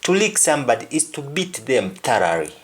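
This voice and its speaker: A man's voice: mid-range voice, sing-song, a little fast, fairly bright tone. A man giving a spoken language lesson, explaining phrases carefully and repeating words for emphasis. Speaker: language teacher.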